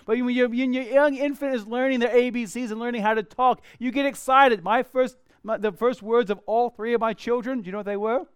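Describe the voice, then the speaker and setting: A man in his thirties preaching with a high, smooth voice, recorded close and dry. He swings from loud, animated exclamations to soft, hushed asides as he speaks to his congregation. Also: fairly quick, few pauses, dry recording. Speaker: pastor. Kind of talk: sermon.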